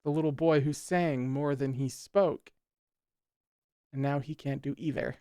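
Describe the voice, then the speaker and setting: A man's voice: medium pitch, steady tone, measured pace, warm tone, smooth, no room sound, clean studio sound. A man hosting a show who reads a text aloud and breaks off into sarcastic, exclamatory commentary, swearing casually. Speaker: host. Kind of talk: reading aloud and reacting with commentary.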